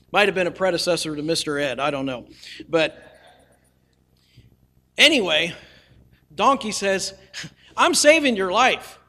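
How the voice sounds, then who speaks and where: Bright-voiced preacher telling a folksy story. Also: male voice, high voice. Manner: folksy, humorous storytelling with asides. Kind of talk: storytelling sermon.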